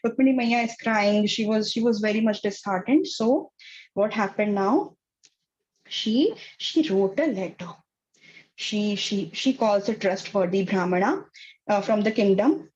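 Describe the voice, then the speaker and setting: A woman telling a story to an online kids class, halting and full of fillers. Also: mid-range voice, darkish tone, highs cut off, slight background noise. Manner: halting, many fillers and restarts. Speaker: teacher.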